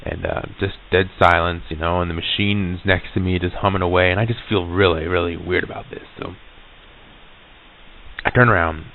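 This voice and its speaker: Low, gravelly male narrator, halting and stammering, recorded on tinny old tape. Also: steady tone, slight background noise. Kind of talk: recorded storytelling monologue.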